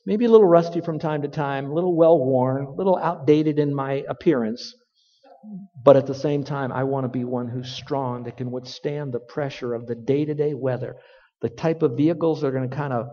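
Emphatic preacher in a reverberant hall. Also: male voice, medium pitch. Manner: emphatic, slows down to stress key words. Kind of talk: sermon. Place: room with stage lights and sound equipment. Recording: dull, lo-fi audio with long hall reverb.

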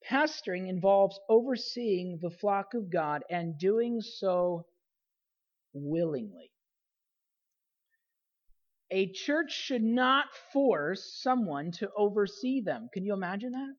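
A woman's voice: mid-range voice, lively intonation, takes it slowly. Woman pastor preaching, dull lo-fi sound. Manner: emphatic preaching, repeats key phrases, trails off softly at phrase ends. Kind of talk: sermon.

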